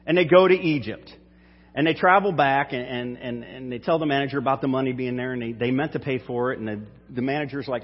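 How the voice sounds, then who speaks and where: A man's voice: medium pitch, fast. A man preaching and reading scripture, retelling the story in a casual storytelling way. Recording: dull hall reverb.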